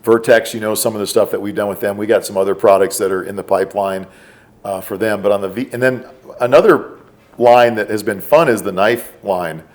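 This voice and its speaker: A middle-aged man, a podcast guest, telling stories casually and quoting the people in them. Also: on the low side. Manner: relaxed, drawn-out storytelling with quoted dialogue. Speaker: podcast guest, former special forces operator. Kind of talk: casual storytelling.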